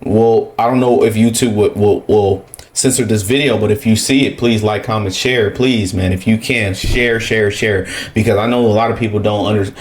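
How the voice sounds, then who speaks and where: A man's voice: lowish voice, steady tone, moderate pace, few pauses, slight background noise. A man giving casual reaction commentary, emphatic and rhetorical, often tagging his points with a questioning "okay?".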